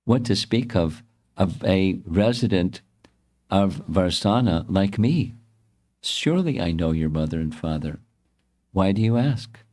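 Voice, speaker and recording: A man's voice: low-pitched, animated, unhurried, darkish tone. A man playing a courteous village messenger.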